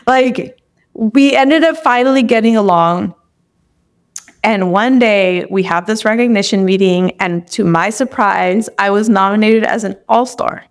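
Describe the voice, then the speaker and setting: A woman's voice: mid-range voice, clean tone. A young adult woman, a podcast guest, tells a personal story in casual conversation, chatty and full of restarts. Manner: chatty, with many restarts and acted-out inner thoughts.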